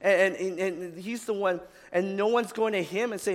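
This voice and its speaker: A man preaching a sermon in a casual, conversational way, often tagging "right?" onto his points and growing loud and animated as he retells the story. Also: high-pitched, moderate pace, hardly any pauses, big-room sound. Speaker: pastor.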